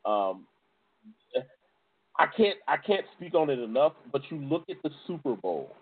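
Laughing man with a higher voice, tinny audio. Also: very animated, unhurried, husky. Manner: laughs often, loose and informal. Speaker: podcast co-host. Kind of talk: casual sports talk.

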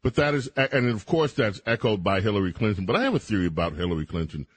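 A man's voice: fairly low pitch, big pitch swings, fast talker, husky. A middle-aged man hosting a radio talk show, giving opinionated, emphatic commentary with mocking asides.

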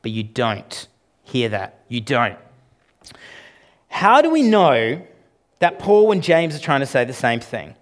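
A man's voice: very animated, takes it slowly, pauses often. A man preaching a sermon as pastor, emphatic and conversational, often putting questions to the congregation. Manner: emphatic, rises and drops in pitch and loudness for emphasis.

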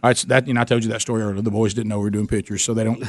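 Speaking very fast in a fairly low voice, a man hosting a talk show spins a long, humorous family story full of restarts. He animatedly acts out his wife's lines, and the casual chat has clean studio sound without echo.

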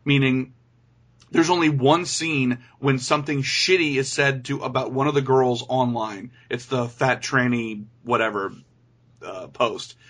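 A man with a middle-pitched voice reviews a film in casual chat. He is blunt and profane and rants in long runs. He sounds like he is talking it over with a co-host. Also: steady tone, a little slow, a bit bright.

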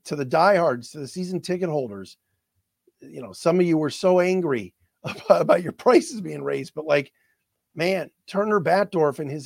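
A man hosting a sports talk show, speaking emotionally and haltingly, repeating words as his voice catches. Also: a little high, dry recording, clean studio sound. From not from the area of the team he covers.

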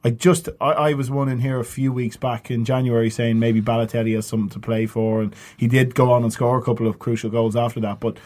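A man's voice: medium pitch, fast, hardly any pauses. A man telling stories and giving football opinions in casual, sweary podcast chat, often laughing. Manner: laughing, sweary, animated storytelling.

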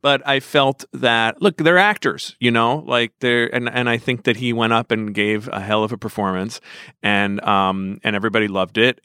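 A man co-hosting a podcast, opinionated and animated in casual chat. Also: on the low side, smooth, dry recording, clean studio sound. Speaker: podcast co-host.

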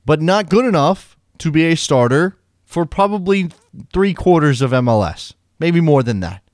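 A man's voice: a little high, lively intonation, normal speed, darkish tone, no echo, clean studio sound. An American man co-hosting a casual soccer podcast, talking in a rambling, opinionated way and often restarting his sentences. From United States. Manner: rambling, self-interrupting, opinionated. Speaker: podcast co-host.

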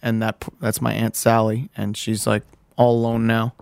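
A man on a podcast recounting a painful family story in a halting, candid way, restarting sentences and swearing casually. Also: on the low side, monotone, creaky, darkish tone, clean tone, no room sound, studio quality. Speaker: podcast co-host.

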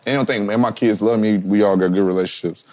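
A man in his thirties speaks fast in a low voice, blunt and profane, full of street slang. The sound is dry and close, with no room echo. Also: fairly even intonation, darkish tone. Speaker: guest rapper. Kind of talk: casual chat.

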